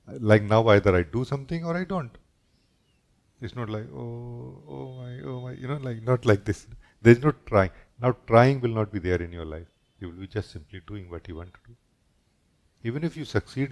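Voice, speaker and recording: Gentle, low-voiced man giving a satsang. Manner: gentle, reflective, often ends sentences with a questioning "no?". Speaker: spiritual teacher. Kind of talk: satsang talk.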